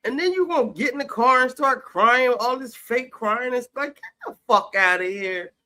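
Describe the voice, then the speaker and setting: A man's voice: very high-pitched, normal speed, bright, forceful tone. A man giving sassy, profane, heated commentary on a reality show while cooking in his home kitchen. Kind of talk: casual commentary chat.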